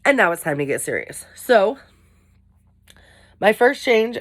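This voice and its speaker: A woman's voice: medium pitch, very animated, a little slow. A young adult woman talking to her camera in a candid, rambling, self-deprecating way. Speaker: vlogger. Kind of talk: casual talk to camera.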